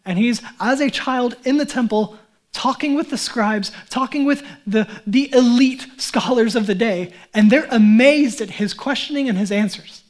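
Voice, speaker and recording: A man's voice: extremely high pitch, normal speed. A man, a pastor, preaching a sermon in a conversational way, often asking and answering his own questions.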